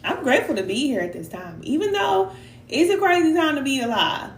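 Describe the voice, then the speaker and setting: Brisk and sing-song in a high voice, a middle-aged woman gives a heartfelt, preacher-like motivational talk during a live tarot reading, now and then emotional and sighing. As a spiritual reader and coach, she speaks with casual slang. The sound is roomy with slight background noise.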